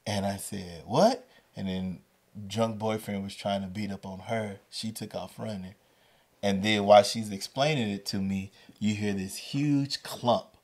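A man hosting a storytelling podcast, telling a story with lively delivery and acting out the voices. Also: fairly low pitch, measured pace. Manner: animated, acts out the voices in his story. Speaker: podcast host and educator.

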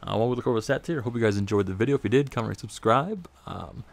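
A man's voice: medium pitch, lively intonation, rapid-fire, creaky. A man casually commenting over his football video game, rambling and self-deprecating, a bit out of breath. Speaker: gaming commentator.

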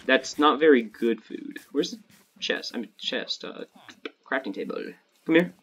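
A man's voice: mid-range voice, expressive, moderate pace, breathy edge. A man chatting casually with a friend while gaming, telling crude joking stories. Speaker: gamer playing with a friend.

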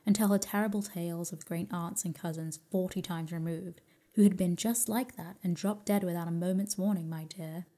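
Soft-spoken lady reading a bedtime story, lowish warm voice, slow and calm. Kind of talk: soft sleep story narration.

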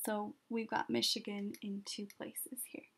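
A woman teaching children an art lesson step by step, patient and gently encouraging, often pausing as she draws. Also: mid-range voice, flat delivery, slightly rough.

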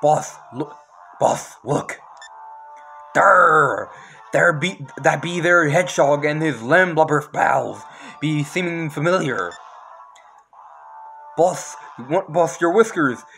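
A man's voice: on the high side, slow, creaky, pauses often, bright, forceful tone, faint music behind, exaggerated voice. A young man voicing a bumbling male pirate henchman in a game, eager and full of pirate slang.

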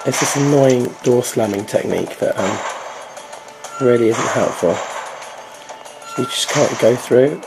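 A man with a croaky voice giving casual, self-deprecating commentary over an online co-op game, hesitating often with little fillers. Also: mid-range voice, measured pace, long pauses, over music, low-quality recording. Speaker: game video host.

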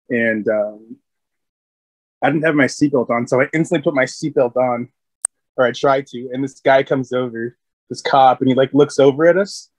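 Man, marine veteran, rambling storyteller, lots of fillers, mid pitch, dry close sound. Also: dry recording. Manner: rambling, full of fillers, laughs often. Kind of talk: casual storytelling.

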